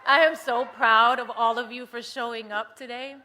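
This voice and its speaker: A woman from the United States giving an impassioned political rally speech, moving from hushed, earnest talk to rousing shouts. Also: a little high, steady tone, normal speed, heavy background noise. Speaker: rally speaker. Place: large rally venue with a cheering crowd.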